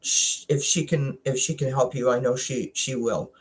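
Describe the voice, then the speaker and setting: A Canadian woman hosting a wellness chat, talking casually and emotionally about a personal experience, with frequent halting restarts and at times close to tears. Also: very deep voice, steady tone, slightly rough. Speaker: wellness channel host.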